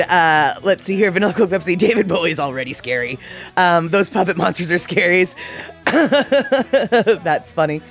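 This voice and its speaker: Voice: mid-range voice, fairly bright tone. A livestream host in their forties chatting casually and reading viewer comments aloud, playfully exasperated.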